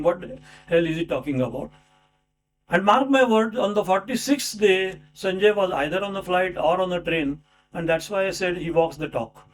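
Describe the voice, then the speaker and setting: A man with a high-sitting voice delivers a formal speech at a book launch, introducing the author through rhetorical questions and asides. He uses many fillers, and the recording carries a slight hiss or hum.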